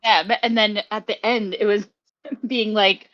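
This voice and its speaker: A woman's voice: mid-range voice, fairly even intonation, a little slow, lo-fi sound. A woman playing a tabletop game, casual and giggly, swearing freely. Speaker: player.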